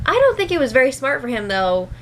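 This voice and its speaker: A woman's voice: high-pitched, very animated, quick pace, slight background noise, low-quality recording. A young woman giving a casual recap, chatty and laughing often as she retells what people said. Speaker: show recap host. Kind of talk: casual reality show recap.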